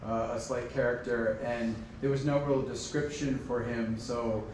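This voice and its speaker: A man's voice: medium pitch, steady tone, moderate pace, a little mellow, slight background noise. A man in the audience asking a rambling, hesitant question full of fillers. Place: convention panel hall. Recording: echoey convention hall from far off.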